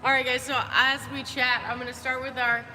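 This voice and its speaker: A woman's voice: high voice, level tone, brisk, pushed and bright. A young woman chatting upbeat with viewers by name while coaching a live workout. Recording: roomy hall reverb. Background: faint background music.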